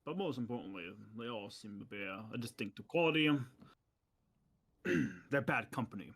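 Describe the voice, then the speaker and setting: A man narrating as game master of a tabletop game, dropping into gruff bandit voices. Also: medium pitch, animated, moderate pace, a bit bright.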